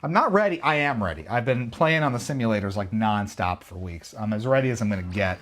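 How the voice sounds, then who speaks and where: A man's voice: lowish voice, animated, fast talker, fairly bright tone. A man chatting casually to his viewers while playing a racing game on a livestream, rambling and talking straight to chat. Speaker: streamer. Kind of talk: casual livestream gaming commentary.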